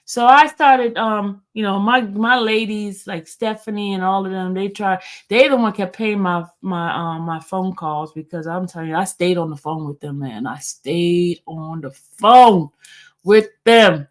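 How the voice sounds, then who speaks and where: Woman rambling thru a story to her viewers, lots of ums, says y'all a lot, middle pitch. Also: fairly even intonation, moderate pace, few pauses. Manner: rambling, chatty, lots of fillers and restarts, addresses viewers as y'all. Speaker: YouTube host.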